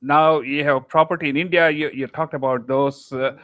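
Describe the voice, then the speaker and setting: A man's voice: a little high, fairly even intonation, normal speed, a bit bright, clear, resonant tone, dry recording. A man hosting a talk show interview, asking questions casually with frequent laughs and fillers. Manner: laughs often, many fillers and restarts.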